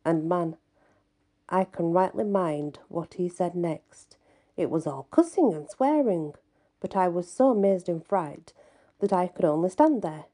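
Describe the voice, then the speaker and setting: A woman reading a folk tale aloud in the first person, in an unhurried, earnest way. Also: fairly low pitch, dark tone. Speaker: storyteller.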